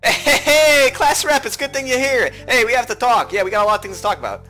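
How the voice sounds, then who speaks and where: Man doing a shrill, hyper schoolgirl. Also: lively intonation, quick pace, faint music behind, exaggerated voice. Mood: pushy. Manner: brash, shouty, slangy. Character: loud pink-haired schoolgirl, hyper and pushy.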